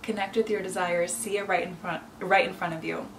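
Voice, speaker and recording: A woman's voice: on the low side, steady tone, fairly quick, far from the mic, noisy background. Emotional young woman vlogging to camera. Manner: emotional, encouraging, speaks to viewers as sisters. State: teary, emotional. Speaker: lifestyle coach and vlogger. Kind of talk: heartfelt direct-to-camera vlog.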